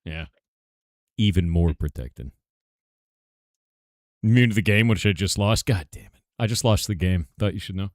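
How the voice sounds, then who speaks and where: A man's voice: sits low, moderate pace, long pauses, no echo, clean studio sound. A man from the United States chatting casually on a stream, emphatic and jokey, swearing casually. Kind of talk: casual chat.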